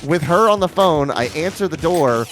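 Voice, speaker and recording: A man's voice: a little high, lively intonation, moderate pace, fairly bright tone, faint music behind. A man co-hosting a livestream, retelling a story in a flustered, stumbling way. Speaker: livestream co-host. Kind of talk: casual storytelling chat.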